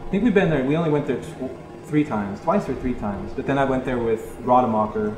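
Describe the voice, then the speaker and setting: A man telling a rambling tour story in casual chat, animated, swearing freely and laughing as he talks. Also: medium pitch, fairly quick, music in the background. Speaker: interview guest, touring musician. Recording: echoey room.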